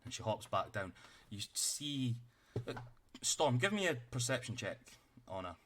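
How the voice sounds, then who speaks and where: A man's voice: medium pitch, sing-song, unhurried, fairly bright tone, a little hiss or hum. A man running a tabletop game as game master, narrating loosely with lots of fillers and casual swearing.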